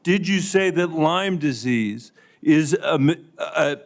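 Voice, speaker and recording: A man's voice: a little high, lively intonation, slow, vocal fry. A man, a senator, questioning a nominee at a hearing in a pointed, insistent yes-or-no manner.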